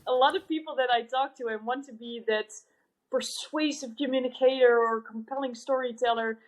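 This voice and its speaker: High-voiced woman hosting an interview. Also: fairly even intonation, normal speed, low-quality recording. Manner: thoughtful, searching for words. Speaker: host. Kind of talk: conversational interview.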